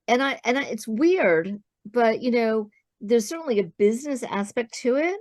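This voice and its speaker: A woman guest in an interview, telling her own business story as an animated storyteller who acts out the dialogue she quotes. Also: fairly high pitch, moderate pace, dry recording, clean studio sound.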